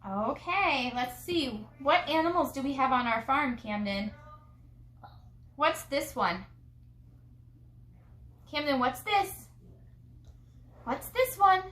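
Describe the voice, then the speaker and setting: A mother hosting a home video, teaching her child farm animal sounds and signs in a slow, sing-song way meant for a small child. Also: high-pitched, expressive, fairly bright tone. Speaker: mother and channel host. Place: home room, playing with a toy farm. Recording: echoey room with background noise.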